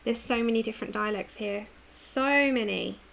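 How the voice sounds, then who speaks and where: British woman, colouring livestream host; bright, sharp tone, casual chat with lots of laughs. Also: on the high side, normal speed, gravelly, slight background noise. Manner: chatty, laughs often, answers viewer comments.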